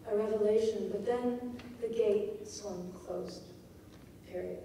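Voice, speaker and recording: Slow-speaking woman lecturing in an echoey hall. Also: mid-range voice, fairly even intonation, gravelly, warm tone, far from the mic, slight background noise. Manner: measured, checks in with the audience by asking "right?". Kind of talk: poetry lecture. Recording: echoey hall recorded from afar.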